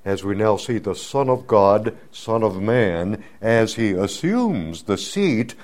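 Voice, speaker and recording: A man preaching a sermon, teaching slowly and deliberately, building to emphatic swells on key words. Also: fairly low pitch, animated, a little mellow.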